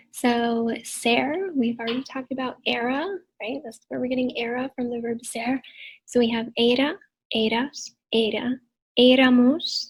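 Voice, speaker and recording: Breathy woman teaching a grammar lesson. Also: a little high, darkish tone, rough recording. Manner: clear explanatory teacher talk, drawn-out examples. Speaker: Spanish teacher. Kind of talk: recorded video lesson.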